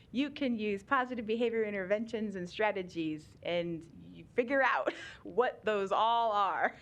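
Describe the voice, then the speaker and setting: Chatty, laughing woman explaining law. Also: mid-range voice. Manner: chatty, laughs often, many ums. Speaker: guest presenter on special education law. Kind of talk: explanatory talk at a public meeting.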